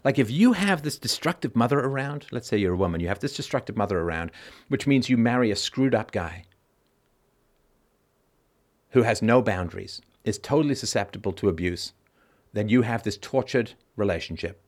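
A man's voice: fairly low pitch, lively intonation, moderate pace. A man hosting a call-in show, giving an emphatic philosophical monologue and repeating key lines for stress. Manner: briefly acts out other people's reactions in mocking voices.

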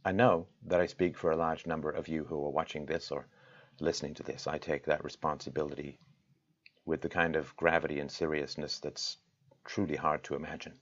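Male host, very low voice, impassioned rhetorical monologue, lo-fi sound. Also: level tone, a little fast. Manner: impassioned, rhetorical, swings from loud to quiet. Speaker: show host. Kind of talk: direct-to-camera address.

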